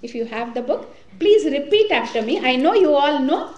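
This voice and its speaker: A woman tells a devotional story to a gathering, and her voice sits high and expressive. The recording carries a clear echo of the room around her. She talks in an animated storytelling way. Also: normal speed. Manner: warm, animated storytelling with Hindi words. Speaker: spiritual class leader. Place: community hall or temple room.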